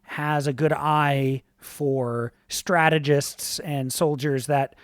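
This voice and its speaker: A game master narrating a tabletop game on a live stream, upbeat and relaxed, filling pauses with lots of "uh" and casual swearing. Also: mid-range voice, no room sound, clean studio sound.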